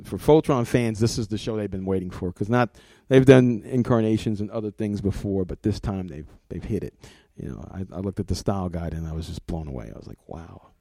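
A man's voice: fairly low pitch, fairly quick, hardly any pauses, dark tone, no room sound. A middle-aged man, a comics art director, talking casually in an interview, rambling and repeating words, laughing often.

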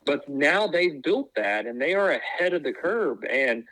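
A man's voice: fairly high pitch, big pitch swings, measured pace, fairly bright tone, no echo, low-quality recording. A man chatting casually as a podcast co-host, rambling with lots of fillers and restarts. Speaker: podcast co-host, former wrestling tryout. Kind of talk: casual chat.

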